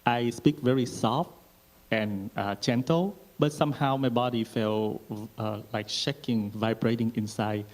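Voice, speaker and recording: A man relays a question to the teacher in careful, halting speech. He speaks at an even middle pitch. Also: rough recording. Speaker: interpreter reading a question.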